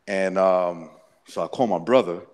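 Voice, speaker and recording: A man's voice: low voice, measured pace, darkish tone. A man casually recounting a personal story, rambling with many restarts and frequent swearing. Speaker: interviewee.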